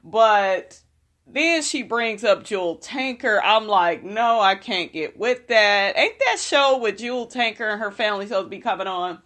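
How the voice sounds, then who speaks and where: A young woman chats through a reality show episode. She is sassy and swears freely, with a voice of middle pitch. Her talk is casual, quick and full of asides. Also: lively intonation, fairly bright tone. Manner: sassy, profane, chatty.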